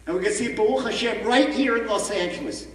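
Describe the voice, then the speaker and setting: A man giving an animated storytelling sermon as a rabbi at a conference, recorded from far off in a large echoey hall. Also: sits high, fairly quick, crowd noise. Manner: animated, acts out the story in voices.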